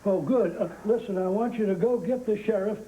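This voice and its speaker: An actor playing a brisk, commanding small-town doctor in a soap opera. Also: male voice, high-pitched, dark tone, highs cut off, lightly acted. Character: brisk male country doctor.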